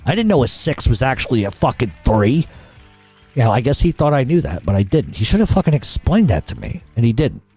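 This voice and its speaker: A man's voice: mid-range voice, big pitch swings, fairly quick, darkish tone, slightly rough, soft background music. A middle-aged man telling a long story in casual talk, cursing often and restarting his sentences. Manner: profane, rambling, many restarts. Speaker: podcast storyteller.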